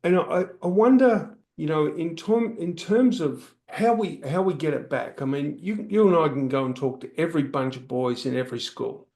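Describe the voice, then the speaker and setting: A man's voice: a little high, normal speed, few pauses, darkish tone. A man hosting a podcast, musing aloud with fillers in a casual interview. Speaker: podcast host.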